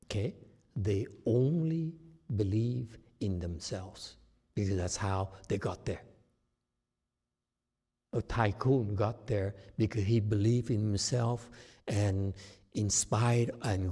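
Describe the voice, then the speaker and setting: A male meditation teacher gives an emphatic dharma talk, frequently asking his listeners whether his point is clear. His voice is lowish and mellow.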